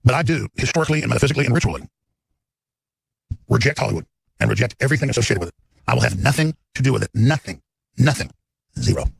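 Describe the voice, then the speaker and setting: A man's voice: mid-range voice, gravelly, breathy edge, no room sound. A man in his forties hosting a talk show, delivering an unscripted, emphatic, rambling live monologue.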